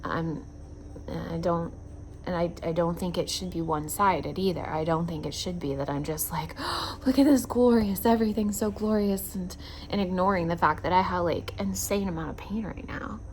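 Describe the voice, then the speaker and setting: A woman in her thirties recording a casual video diary outdoors while in pain and tired from surgery, speaking in a reflective, halting way with many fillers and dipping into whispers. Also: lowish voice, steady tone, slight background noise. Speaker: vlogger recovering from surgery. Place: outdoors in a backyard at sunset.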